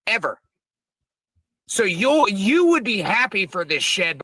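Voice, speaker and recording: A man's voice: high voice, sing-song, slow, bright, forceful tone, dry recording. A man on a radio show ranting angrily about a custody fight, profane and stammering. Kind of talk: heated talk radio rant.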